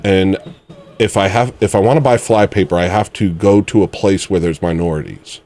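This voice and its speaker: A man's voice: low voice, normal speed, darkish tone, a little hiss or hum. A man in his forties hosting a casual livestream, musing aloud in a rambling, mock-serious way. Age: 40s. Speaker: livestream host.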